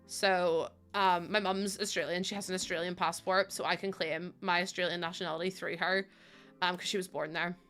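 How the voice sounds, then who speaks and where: A woman's voice: lowish voice, fairly even intonation, a little fast, fairly bright tone, soft background music. A woman in her twenties from Northern Ireland with a Northern Irish accent, chatting casually and answering viewers on a live gaming stream. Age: 20s. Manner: chatty, giggly, answers chat.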